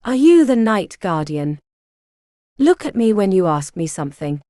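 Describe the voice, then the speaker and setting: A soft-spoken, desperate young woman read by a woman narrator. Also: mid-range voice, big pitch swings, normal speed, dry recording, studio quality, close to an everyday voice. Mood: hesitant. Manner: soft, restrained and earnest.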